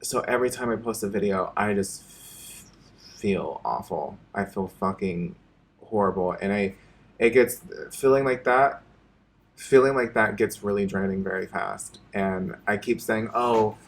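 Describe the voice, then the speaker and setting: A man vlogging an emotional personal confession to his viewers, halting and repeating himself and swearing often. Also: on the low side.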